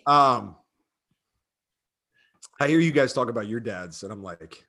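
A man's voice: mid-range voice, animated, a little slow, sharp tone. A man in his thirties talking casually and emotionally, with lots of fillers and rambling asides. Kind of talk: casual chat.

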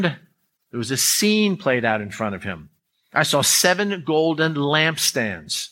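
Bright-voiced man preaching a sermon. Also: fairly high pitch. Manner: earnest, emphatic preaching with repeated restarts. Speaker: pastor.

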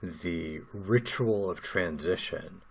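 Low-voiced man chatting casually. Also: slow. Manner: relaxed, reactive listener who jumps in with asides. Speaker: podcast co-host. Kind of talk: casual conversation.

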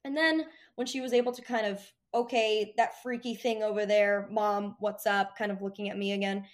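A woman answering interview questions about training her dog, animated and acting out cheerful voices. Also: mid-range voice, moderate pace.

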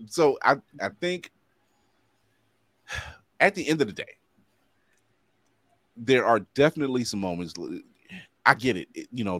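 A man co-hosting a casual chat show, animated, joking and acting out quotes. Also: sits low, no room sound. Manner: animated, quick to joke, acts out quotes. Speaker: podcast co-host.

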